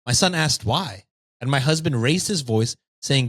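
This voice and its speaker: This podcast host has a mid-range voice and a measured pace, recorded dry. He reads stories with energy, pausing now and then to toss in a playful joke.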